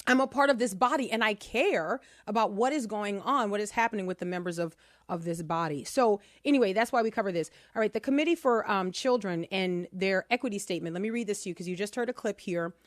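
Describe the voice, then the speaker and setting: A woman's voice: mid-range voice, fast talker, no room sound, clean studio sound. A middle-aged woman co-hosting a talk radio show, chatty and emphatic, laughing easily between points. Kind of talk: casual talk radio commentary.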